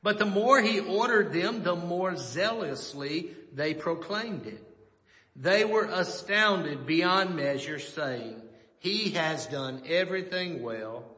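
Male pastor, high bright voice, slow measured sermon delivery, echoey church hall. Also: lively intonation. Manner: measured, storytelling preacher. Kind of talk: sermon with scripture reading.

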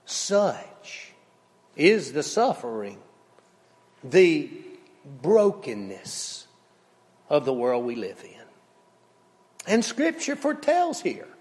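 A man preaches from the pulpit. His delivery is slow and emphatic, rising and falling in pitch and volume. His voice sits a little high, and long reverb from a large sanctuary trails behind him. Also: huge pitch swings, darkish tone. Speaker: pastor. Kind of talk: sermon. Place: church sanctuary.

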